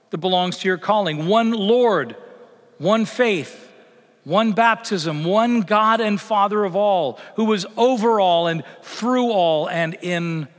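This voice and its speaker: Man, pastor, sermon, high ringing voice, reverberant church hall. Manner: animated joke-telling and earnest preaching.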